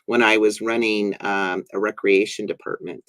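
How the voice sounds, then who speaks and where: A man's voice: on the low side, level tone, normal speed, a bit bright, no room sound. Earnest man telling a story, dry sound. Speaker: host. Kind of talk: casual conversation.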